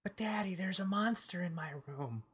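A whiny little girl, scared of a monster in her room, as a man puts her on. The voice is nudged higher than his own, plainly a grown man's imitation. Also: expressive, moderate pace, fairly bright tone, husky, exaggerated voice.

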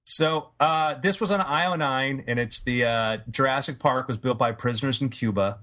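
Bright, joking podcast guy. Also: mid-range voice, moderate pace. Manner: jokey, riffing, breaks into silly voices. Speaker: podcast co-host. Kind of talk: casual comedic chat.

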